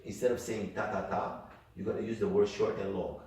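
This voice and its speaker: An older man teaching a music workshop, talking in an animated way and demonstrating rhythms with sung syllables. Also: fairly low pitch, brisk. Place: indoor workshop room. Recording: echoey room from far off, faint noise.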